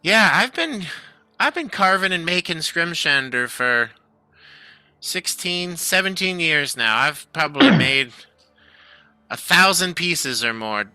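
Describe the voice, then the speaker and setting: A man's voice: on the high side, expressive, slow, sharp tone, smooth, dry recording, voice pushed up, heavily acted. A man voicing a nervous, talkative young male halfling craftsman who keeps tripping over his words. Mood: excited. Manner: flustered, apologetic, stumbling over words.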